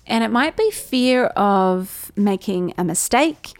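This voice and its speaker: Young woman, podcast host, casual story monologue, animated and chatty, dry voice. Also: medium pitch, slow, no room sound, faint music behind. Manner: chatty, animated, laughs often while telling stories.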